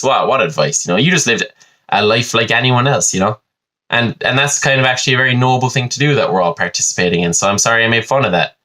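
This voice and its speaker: A man's voice: mid-range voice, expressive, fast talker, sharp tone. A young man, hosting a podcast in a rambling, sweary and self-mocking comic monologue. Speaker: podcast host.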